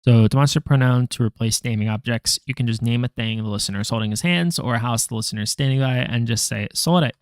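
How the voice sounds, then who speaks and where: A man working through a language lesson out loud, halting, correcting himself and making wry asides. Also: mid-range voice, dry recording, studio quality. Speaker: language learner vlogger. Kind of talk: thinking-aloud study session.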